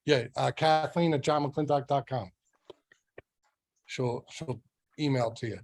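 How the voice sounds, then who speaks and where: A man's voice: mid-range voice, measured pace. Middle-aged man coaching with rhetorical questions. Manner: conversational, full of rhetorical questions. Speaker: real estate sales trainer. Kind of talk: motivational business training talk.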